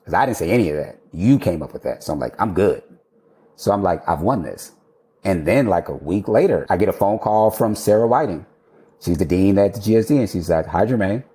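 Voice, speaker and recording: A man, an architect and podcast guest, telling a candid, animated story in casual conversation and now and then swearing. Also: low-pitched, brisk.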